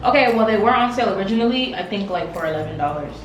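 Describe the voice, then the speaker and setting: Over background music in a roomy-sounding space, this vlog co-host talks through a casual eating video. The young woman has a medium-pitched voice with lively intonation, racing along in a relaxed, playful manner.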